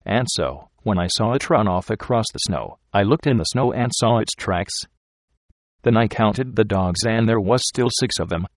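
A man voicing a weary, uneasy frontier trail driver who talks in rough backwoods dialect, grave and insistent. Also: lowish voice, expressive, moderate pace, dry recording, studio quality.

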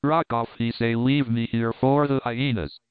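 A man voicing a dying, honest Swedish sailor who speaks broken English in a low, weak voice. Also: fairly even intonation, a little slow, smooth, no room sound, lightly acted. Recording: tinny phone-like, dry.

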